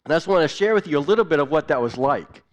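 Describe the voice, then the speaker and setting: A man's voice: a little high, animated, rapid-fire. Earnest man giving a church missions talk. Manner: earnest, builds repeated lists. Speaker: missions speaker.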